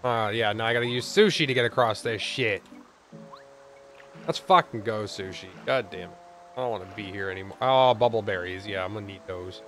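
A man's voice: on the low side, brisk, fairly bright tone, soft background music. A young man hosting a let's play, giving profane, exasperated gameplay commentary.

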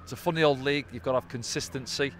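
Fast-talking man giving football analysis. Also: mid-range voice, steady tone. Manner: conversational, tag questions like "didn't they?". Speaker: football pundit. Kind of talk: post-match analysis chat. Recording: faint outdoor traffic noise.

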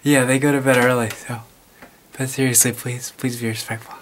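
Man, comic sketch, mock school reporter, halting, awkward, apologetic, middle pitch. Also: flat delivery, a little hiss or hum.

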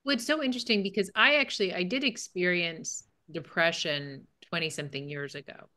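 Low, bright-toned woman hosting an interview. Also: brisk. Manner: gentle, hesitant questioning with restarts. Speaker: host. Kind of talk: interview conversation.

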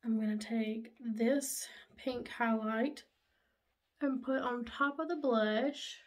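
A woman, chatting excitedly while doing her makeup in a casual vlog, gushing and chatty. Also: fairly high pitch, slow pace. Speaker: makeup vlogger. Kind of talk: casual get-ready-with-me chat.

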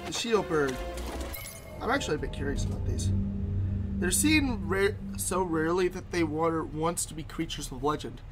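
Gamer de voz algo aguda. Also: male voice, fairly high pitch, lively intonation, normal speed. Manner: chatty, thinking aloud as he plays. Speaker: gaming YouTuber. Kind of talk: let's play commentary. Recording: voice over game music.

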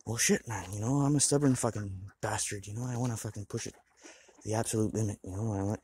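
A man's voice: lowish voice, fast talker, darkish tone, slight background noise. A man talking to the camera in a rambling, swearing monologue, restless and blunt. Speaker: vlogger.

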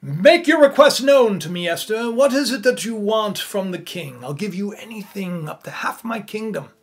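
A grand, indulgent king, as a man puts him on, lifted in pitch and louder as he makes his lavish offer, with a husky edge. Faint music lingers behind. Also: lively intonation, normal speed, full character voice. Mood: magnanimous. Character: generous, indulgent male king.

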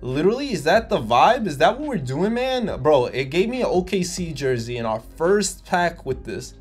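A young man doing casual gameplay commentary for his channel, energetic and sarcastic, and he bursts into loud excitement. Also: on the high side, normal speed, husky, faint music behind. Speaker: gaming YouTuber.

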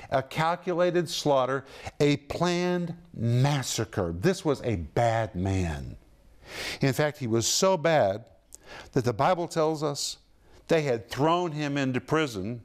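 A man's voice: on the high side, expressive, takes it slowly. A man teaching the Bible on television, with an emphatic, dramatic delivery that rises and drops sharply as he explains word meanings step by step.

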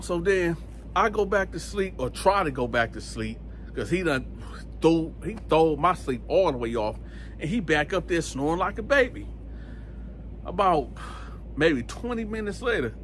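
A man telling a story casually to camera, lively and acting out other people's voices. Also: on the high side, normal speed, a little hiss or hum. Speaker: channel host telling prison stories.

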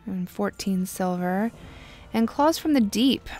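A young woman casually commenting on her gameplay, chatty and wry, sometimes dropping to a quiet murmur. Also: mid-range voice, expressive, slow pace, soft background music. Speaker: gameplay video host. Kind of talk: casual let's-play commentary.

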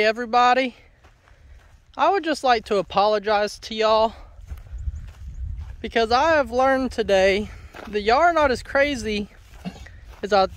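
A man's voice: very high voice, no echo. A man, vlogging on a farm and chatting playfully to his animals outdoors. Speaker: homestead vlogger. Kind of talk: casual vlog, talking to farm animals.

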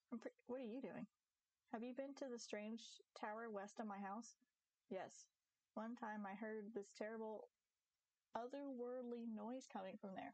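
Young woman, game streamer, casual chat, giggly, animated, fairly high voice, dry close sound. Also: no echo, rough recording. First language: English. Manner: giggly, chatty and animated, talks to chat and her cat. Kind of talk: casual live-stream chat while gaming.

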